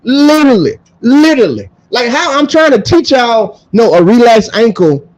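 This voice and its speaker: Animated, high-voiced man ranting bluntly. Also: moderate pace, low-quality recording. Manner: blunt, profane, animated, swings between loud and low. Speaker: track coach and vlogger. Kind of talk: ranting to camera.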